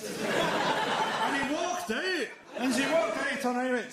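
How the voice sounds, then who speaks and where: A Scottish man doing a stand-up comedy set on a live stage, delivering dark jokes in a dry, deadpan way. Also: sits high, normal speed. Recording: live show with loud ambient noise.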